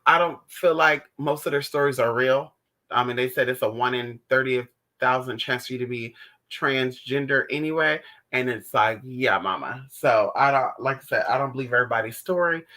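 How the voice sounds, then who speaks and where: A man hosting a casual livestream, answering viewer chat in a sassy, animated way, calling his viewers honey and swearing freely. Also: mid-range voice. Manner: theatrical outbursts while retelling stories.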